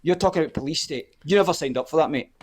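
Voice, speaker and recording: A man's voice: a little high, racing. A man, a guest on a live podcast, ranting heatedly and swearing often. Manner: fired up, swearing often, repeats "the whole point is".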